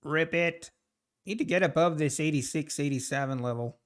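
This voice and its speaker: A man's voice: fairly high pitch, normal speed, clean tone. A man streaming his trading live, talking to the chart and chatting with viewers between laughs.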